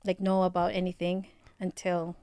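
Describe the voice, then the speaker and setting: A woman in her forties, originally from the Philippines, chats casually as a podcast guest and laughs often. Her voice is lowish, mellow, and smooth, fairly monotone at a moderate pace, recorded in studio quality with no echo.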